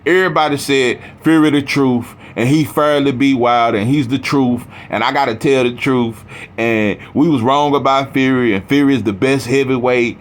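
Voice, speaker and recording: A man's voice: mid-range voice, fairly even intonation, normal speed. A man talking boxing in a casual, heated, profane rant, rambling with restarts. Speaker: boxing commentator.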